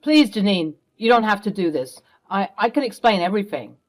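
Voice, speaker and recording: A woman's voice: medium pitch, lively intonation, fairly quick, close to an everyday voice. A woman voicing a shady, blustering stepfather who turns defensive and sneering when caught. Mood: pleading.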